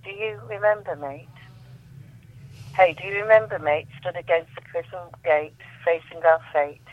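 A woman on the phone reading her poems aloud with measured, emphatic delivery. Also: on the low side, fairly even intonation. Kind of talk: poetry reading over the phone. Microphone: telephone. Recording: tinny dry phone line.

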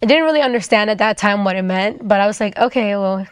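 A woman's voice: mid-range voice, lively intonation, fast talker, smooth, no room sound. Young woman, casual testimony, dry close sound, chatty fillers. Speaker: storyteller. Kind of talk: personal testimony.

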